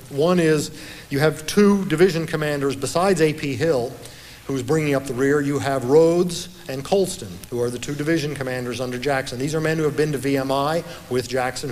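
A man giving a talk as an author, telling history in a measured, explanatory way and reading aloud from his book. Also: a little high, a little mellow, slight background noise. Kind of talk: lecture-style historical storytelling.

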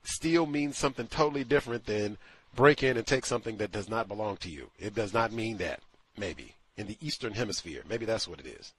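A man's voice: lowish voice, lively intonation, brisk, a bit bright, husky. A man hosting a call-in talk show, speaking in an emphatic, incredulous monologue. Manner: emphatic, incredulous, acts out quotes. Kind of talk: opinionated radio monologue.

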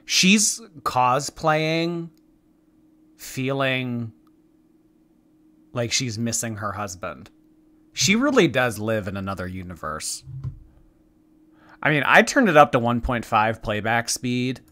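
A man's voice: fairly low pitch, very animated, a little slow, sharp tone. A man giving sarcastic reaction commentary, mocking what he watches. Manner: snarky, mocking.

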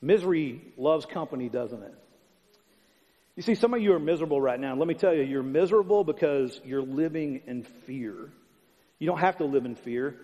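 Man, pastor, conversational sermon, emphatic repetition, slightly high voice, dull recording. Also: a little fast, warm tone. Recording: long hall reverb, dull sound.

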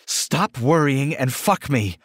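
A man's voice: medium pitch, lively intonation, takes it slowly, a bit bright, breathy edge, no room sound, clean studio sound, pitched above the performer's own voice, full character voice. A man voicing a bold young woman omega in an audiobook romance, with earnest, intimate pleading. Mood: urgent.

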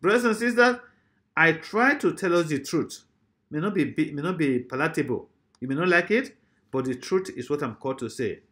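A man's voice: a little high, expressive, moderate pace, a bit bright. A male pastor, preaching a sermon emphatically, with repeated rhetorical questions.

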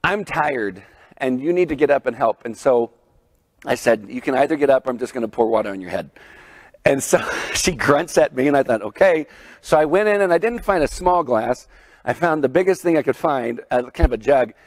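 A man preaching a chapel sermon to middle schoolers, telling a lively story with frequent laughs. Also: medium pitch, a little fast, dry recording. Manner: storytelling, animated, laughs often. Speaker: pastor.

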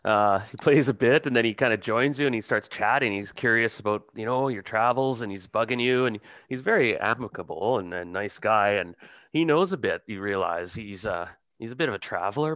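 A man with a lowish voice narrates a tabletop game as its game master. He rambles and hesitates, filling gaps with ums. The recording is dry and muffled. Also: expressive, normal speed, fairly bright tone, dry recording.

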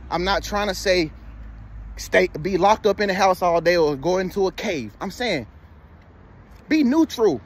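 A man's voice: high voice, breathy edge. A man in his thirties giving casual motivational advice, preachy and repetitive, who keeps checking in with "you feel me.". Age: 30s. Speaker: motivational vlogger.

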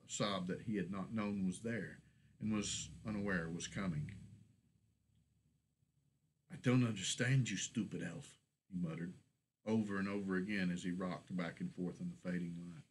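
A man reading his own fantasy short story aloud in a steady, measured storybook narration. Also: low-pitched, breathy edge, low-quality recording.

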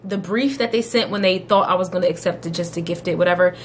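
A woman's voice: fairly low pitch, fast, slight background noise. A young woman chatting casually at home as a beauty vlogger, giggly and full of fillers like "like" and "um". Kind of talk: casual vlog chat. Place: at home, indoors.

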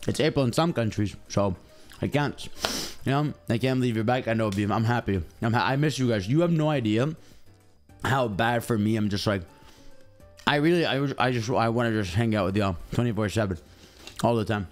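A man's voice: medium pitch, fairly quick, faint music behind. A young adult man streaming, chatting casually and rambling while talking straight to his chat. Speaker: game streamer.

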